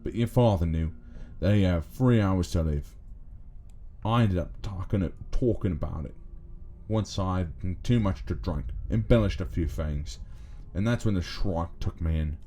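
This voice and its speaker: A man's voice: low voice, measured pace, mellow. A man voicing a shifty male thief under arrest, defensive and talking in a put-on accent he calls bad.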